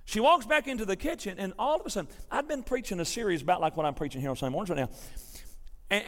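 A man preaching a sermon, telling a folksy story to his congregation in a lively, animated way. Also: high voice. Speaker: pastor. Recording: preached in a reverberant sanctuary.

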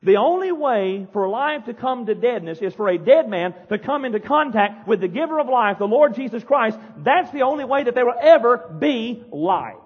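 A man preaching a fiery sermon as pastor, yelling and pounding the pulpit in a church. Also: very high-pitched, expressive, normal speed, few pauses, husky. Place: church sanctuary. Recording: dull echoey church hall.

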